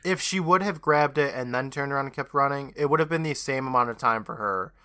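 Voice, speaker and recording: Bright-voiced man joking casually. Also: medium pitch, fast talker, no echo. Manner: laid-back, joking, swears casually. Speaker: podcast co-host. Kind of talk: casual chat.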